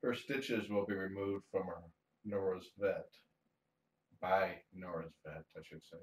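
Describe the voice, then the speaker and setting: A man with a very low voice talks gently to a cat and chats with livestream viewers. He explains things plainly and often backs up to restart a phrase. He sits well back from the mic, and the room gives his voice a hollow ring. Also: fairly even intonation, unhurried. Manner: soft-spoken, coos fondly to a cat. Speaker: cat fosterer streaming live. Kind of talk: casual livestream chat. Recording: roomy sound, mic some distance away.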